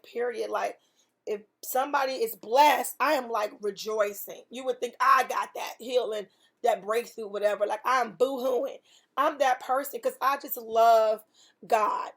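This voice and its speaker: Earnest woman giving a faith testimony. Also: on the high side. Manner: earnest, emphatic preaching cadence with repetition. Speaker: podcast host.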